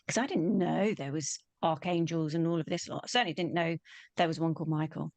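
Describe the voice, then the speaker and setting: A woman, telling a personal story in an animated way and acting out the quoted voices. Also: deep voice, a little fast, no echo. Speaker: spiritual teacher.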